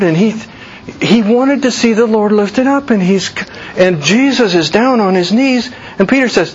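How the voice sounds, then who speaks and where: Male pastor, sermon delivery, unhurried and measured, slightly raised pitch, dull recording with faint hiss. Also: expressive. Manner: slow deliberate preaching, voice leaps high for quoted reactions.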